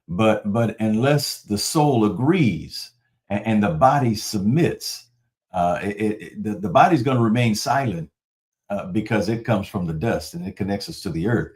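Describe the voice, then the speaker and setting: A man preaching a sermon in a conversational, animated storytelling manner. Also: on the low side, normal speed. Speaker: pastor.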